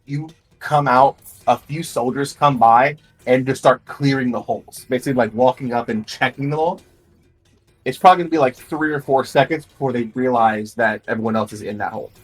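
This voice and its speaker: A man's voice: mid-range voice, brisk, husky, faint music behind, poor audio. A man narrating as game master for a tabletop role-playing game, describing scenes loosely with many fillers.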